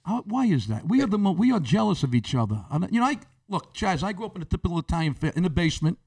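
A man around sixty, a comedian guest telling stories in an animated, profane, rapid-fire way. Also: high-pitched, gravelly, husky, distant mic. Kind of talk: comic storytelling.

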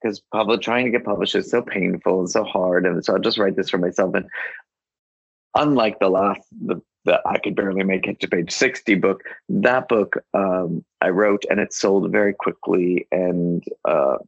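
A man's voice: low-pitched, fairly even intonation, moderate pace, gravelly, slightly rough, no echo, dull audio. A man guest on an author interview, telling a rambling story full of restarts and quoted dialogue. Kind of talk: casual anecdotal storytelling.

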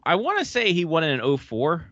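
A man hosting a casual hockey podcast, jokey and quick with stats. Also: a little high, a little hiss or hum. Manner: lively, jokey, rattles off stats. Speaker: podcast host. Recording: dull, dry sound.

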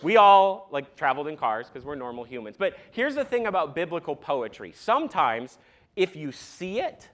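A young man preaching a sermon to a congregation in a church, animated and conversational with asides to the crowd. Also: fairly high pitch, normal speed. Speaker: pastor. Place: church sanctuary.

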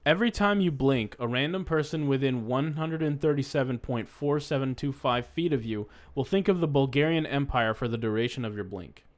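A man in casual comedic chat, building absurd scenarios with growing excitement. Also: mid-range voice, brisk, few pauses. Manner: animated, spins absurd tangents.

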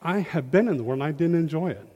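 A man giving an informal, animated sermon, acting out quotes in a folksy way, on a handheld mic in a church hall. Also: fairly high pitch, quick pace, husky. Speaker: lay preacher. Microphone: handheld microphone. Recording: long reverb of a hall.

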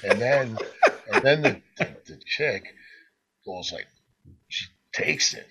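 A man's voice: mid-range voice, animated, takes it slowly, sharp tone, slight background noise, low-quality recording. A man casually telling a crude party story on a podcast, swearing and laughing as he goes. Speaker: podcast co-host.

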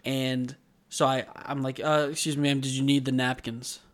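A man's voice: medium pitch, normal speed. A man co-hosting a podcast, telling a long anecdote in casual chat and acting out the people in it. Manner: rambling animated storyteller, acts out quotes. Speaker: podcast co-host. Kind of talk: casual chat, anime recap and storytelling.

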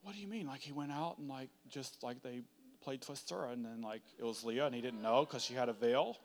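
A man preaching a sermon in a dramatic, chatty way, swinging from hushed to loud. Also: mid-range voice, a little fast. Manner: conversational, uses "like" often.

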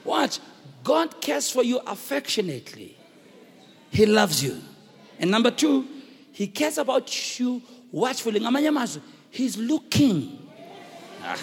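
A South African man preaching a sermon as pastor, with fervent shouted emphasis and call-and-response, recorded in a church hall. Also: very high-pitched, very animated, a little slow, vocal fry, pauses often, slightly rough. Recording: echoey hall reverb.

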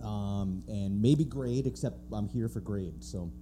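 A man appears as a wrestling referee guest on a live podcast. He talks earnestly in a very dark, warm voice and keeps restarting his sentences, with a faint hum behind him. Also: fairly low pitch, a little slow. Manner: earnest, stumbles and restarts often. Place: theatre stage before a live audience.

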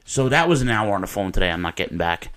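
A man's voice: low-pitched, big pitch swings, fast talker, a bit bright. A man hosting a casual podcast chat, a rambling storyteller who swears and restarts often. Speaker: podcast host.

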